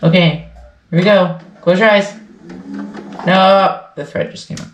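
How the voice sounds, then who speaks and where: A woman hosting a relaxed sewing session, chatting away and talking herself through each step at the machine. Her voice carries a roomy echo from the home sewing room, with a faint hiss behind it. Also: on the low side, measured pace. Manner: chatty, thinking aloud while sewing. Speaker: sewing channel host. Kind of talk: casual sew-along chat.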